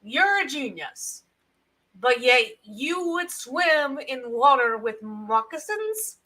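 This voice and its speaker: A woman's voice: high-pitched, very animated, takes it slowly, bright, forceful tone, poor audio. A woman chatting casually on a livestream who pushes back on the host in a teasing, incredulous way. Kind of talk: casual chat.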